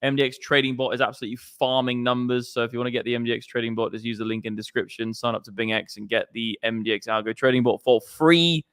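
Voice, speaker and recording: A man's voice: medium pitch, fairly even intonation, quick pace, few pauses, a bit bright, clean tone. A man hosting a casual crypto trading chat, bantering and swearing with laughs. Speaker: host of a crypto trading show.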